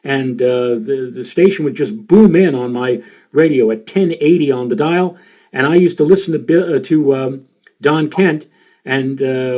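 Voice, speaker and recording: Rambling older meteorologist with a dull lo-fi sound. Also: male voice, mid-range voice, moderate pace. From New York area. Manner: rambling, with many filler sounds. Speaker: meteorologist giving a presentation. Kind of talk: storytelling presentation.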